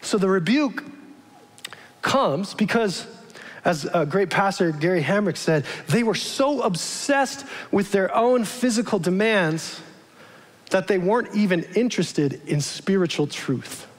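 This pastor has a high, expressive voice and speaks unhurriedly. His sermon is relaxed and conversational, full of questions for the congregation, and the large church gives it a long, echoing reverb.

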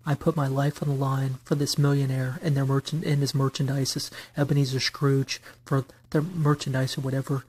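Man, husky mid-pitched voice, aggrieved late-night rant, rambling and repetitive with angry flare-ups. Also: level tone, a little fast, few pauses, darkish tone. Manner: rambling, repeats himself with many restarts and fillers; aggrieved, builds into bursts of anger and swearing. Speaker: vlogger.

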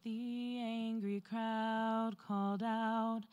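High slow gospel singing woman. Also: level tone, darkish tone, clean tone, soft background music. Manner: sustained, soaring on the refrain. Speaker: church soloist. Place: church sanctuary.

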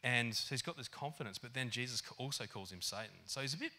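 Animated man preaching. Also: mid-range voice, fast talker. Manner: animated and conversational, many fillers. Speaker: pastor. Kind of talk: sermon. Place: church hall.

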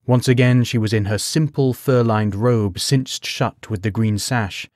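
A man narrating a bedtime story in a measured, unhurried way. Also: mid-range voice, darkish tone, no echo, clean studio sound.

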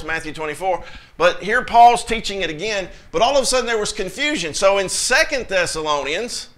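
A man's voice: high voice, bright, forceful tone. A man preaching a sermon as pastor, emphatic, with sudden bursts and scripture quoted in a raised voice.

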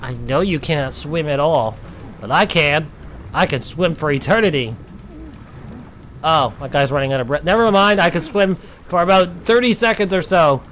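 A man's voice: fairly high pitch, a little hiss or hum. Playful man taunting through gameplay. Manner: playful, taunting enemies, drawn-out mock-dramatic shouts. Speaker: gameplay commentator. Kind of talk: gameplay commentary.

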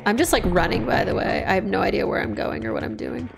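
Streamer, woman, casual joking commentary, mid pitch, soft music under. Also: big pitch swings, quick pace, creaky. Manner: chatty, joking, swaps swearing for "F word". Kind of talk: casual let's-play commentary.

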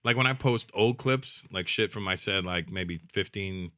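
A man's voice: sits low, normal speed, sharp tone, dry recording, studio quality. A man from Canada, a guest comedian in a casual podcast chat, talking bluntly and profanely and laughing often.

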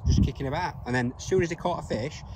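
A man rattles through fishing tips at a brisk clip in relaxed banter. He is outdoors by a lake. Loud wind noise batters the recording. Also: on the high side. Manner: chatty, explaining fishing tips. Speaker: angling vlog co-host.

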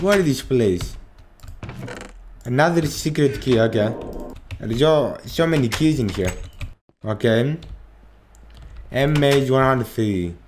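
A man commentating a horror game, swearing freely and breaking into panicked shouts at the scares. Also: medium pitch, slight background noise. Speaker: gaming channel host.

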